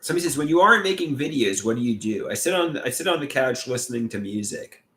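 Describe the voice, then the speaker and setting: A man hosting a casual livestream and reading out chat comments. He talks haltingly, with restarts, and sounds frustrated and glum. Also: medium pitch, expressive, fairly bright tone. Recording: echoey room.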